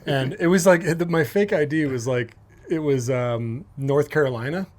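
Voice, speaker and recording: Animated storytelling man from Minnesota. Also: fairly high pitch, normal speed. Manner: animated, swearing, acts out quotes in raised voice. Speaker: podcast host. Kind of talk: casual storytelling chat.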